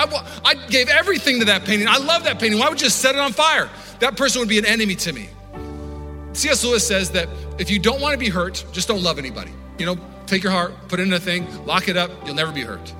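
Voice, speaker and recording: A male pastor preaching a passionate sermon that builds to snarls and shouts. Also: high-pitched. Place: church sanctuary. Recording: church hall reverb with faint music.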